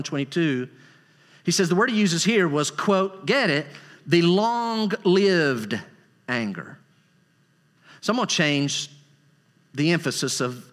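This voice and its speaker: Emphatic preacher man in a reverberant hall. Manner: emphatic, rising to high excited bursts. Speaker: pastor. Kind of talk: sermon. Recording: long reverb of a large hall.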